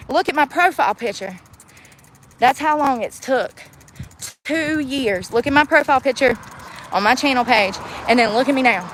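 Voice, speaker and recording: A woman's voice: high-pitched, a bit bright, poor audio. A woman vlogging about being homeless, ranting bluntly with a mouthy, profane way of talking, outdoors and in a car. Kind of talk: ranting vlog. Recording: outdoor street and traffic noise.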